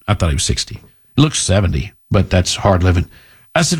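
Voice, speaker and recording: A man's voice: low voice, very animated, fairly quick, breathy edge. A middle-aged man hosting a talk radio show, delivering a blunt, combative, opinionated monologue.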